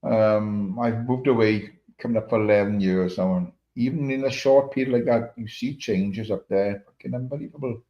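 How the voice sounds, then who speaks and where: Dull lo-fi stream audio carries a fairly low-pitched male voice moving at a moderate pace with few pauses. He's a middle-aged Welshman with a Welsh accent hosting a livestream, chatting casually, rambling through stories and swearing a lot.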